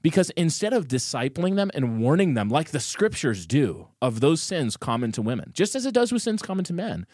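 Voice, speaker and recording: A man's voice: on the high side, sing-song, a little fast, hardly any pauses, darkish tone, no room sound, studio quality. A man co-hosting a podcast, out of breath and talking in a heated, emphatic way. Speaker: podcast co-host. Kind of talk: casual chat.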